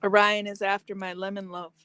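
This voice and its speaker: A woman's voice: medium pitch, level tone, fairly quick, pushed and bright, clean tone, dry recording, low-quality recording. Woman, stream host, casual chat with viewers, snacking, dry close mic. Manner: chatty, talks to viewers while eating. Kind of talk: casual chat reading comments.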